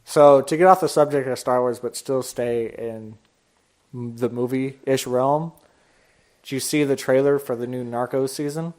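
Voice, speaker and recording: A young man co-hosting a podcast in casual chat, animated and acting out movie scenes as he talks. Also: medium pitch, a little slow. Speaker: podcast co-host.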